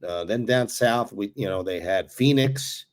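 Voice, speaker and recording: A man, a former ballplayer, co-hosting a casual sports talk show and telling animated stories with chuckles. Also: lowish voice, unhurried. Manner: animated storyteller who chuckles while recalling. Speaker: podcast co-host, former pro ballplayer.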